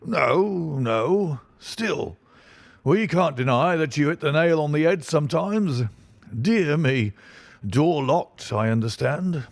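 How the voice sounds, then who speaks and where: A man voicing a stout, blustering middle-aged police inspector with a muffled, husky, wheezing voice in an audiobook. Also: a little high, animated, takes it slowly, no room sound, voice pushed up, full character voice. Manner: pompous, brash and self-satisfied. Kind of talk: audiobook reading.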